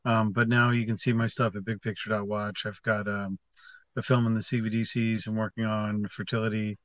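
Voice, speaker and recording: Flat low-voiced man on a dull line. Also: brisk, dry recording. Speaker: documentary filmmaker guest. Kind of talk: interview answers.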